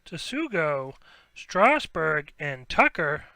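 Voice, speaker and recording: Excitable card-break host, bright high voice. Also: male voice, very slow, creaky, no echo. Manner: rattles off player names, bursts into excited shouts at big pulls. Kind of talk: live sports card break commentary.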